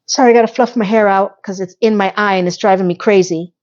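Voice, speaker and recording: Woman, casual TV recap host, sarcastic and chatty, middling pitch, slightly muffled lo-fi audio. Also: steady tone, fast talker, few pauses, darkish tone. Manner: sarcastic, chatty, occasional cursing. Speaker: TV recap vlogger.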